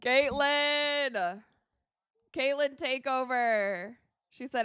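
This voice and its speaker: A woman hosting a live watch-along of a basketball game, reacting excitably to plays, crying out and laughing, and thanking viewers for donations. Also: mid-range voice, a little slow, clean tone, no echo, studio quality. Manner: thanks viewers for donations and answers their questions.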